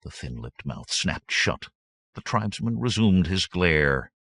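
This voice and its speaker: A man reads an adventure novel aloud with a deep, lively voice that moves a lot in pitch. His tone is bright and crisp, and the recording is dry and close. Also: measured pace, dry recording. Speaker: audiobook narrator. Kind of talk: scripted narration.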